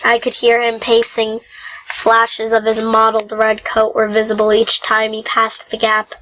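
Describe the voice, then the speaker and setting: A woman reading a novel aloud in an unhurried, homemade style, with small slips and throat-clearing. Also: fairly high pitch, completely flat delivery, sharp tone, a little hiss or hum, low-quality recording. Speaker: reader. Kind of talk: amateur audiobook reading.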